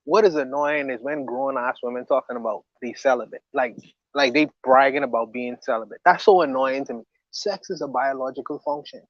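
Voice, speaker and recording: A man's voice: mid-range voice, fairly quick, dry recording, lo-fi sound. A man co-hosting a podcast livestream, talking in a blunt, slangy, exasperated way. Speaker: podcast co-host. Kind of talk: casual livestream chat.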